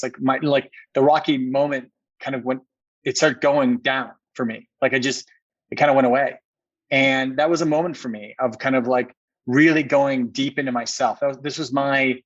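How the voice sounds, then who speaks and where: A man's voice: mid-range voice, fairly even intonation, moderate pace, no echo, muffled recording. A man, a company co-founder, telling a personal story as a podcast guest, earnest and repeating words for emphasis.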